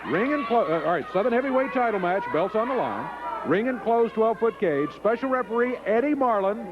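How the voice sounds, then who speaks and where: A man with a high, very lively voice hosts a wrestling TV show, calling the action and reading out match rules in an excitable way. The sound is a dull, lo-fi early-90s broadcast, with a loud crowd and noise behind him. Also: fairly quick, over music. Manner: excitable, reads stipulations aloud. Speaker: wrestling TV host and commentator. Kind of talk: play-by-play commentary and interview.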